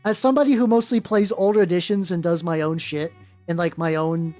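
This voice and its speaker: A woman's voice: fairly low pitch, steady tone, brisk, mellow. A woman hosting a casual livestream while she paints, rambling with a lot of swearing and restarts. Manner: rambling, profane, many restarts. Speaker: streamer and host. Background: faint background music.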